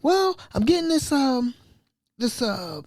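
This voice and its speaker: Man putting on a high, hesitant woman employee dodging blame; dry, close sound. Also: big pitch swings, slow pace, a little mellow, dry recording, exaggerated voice. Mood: evasive. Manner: hesitant, rambling excuses in a raised voice. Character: flustered female employee calling in sick.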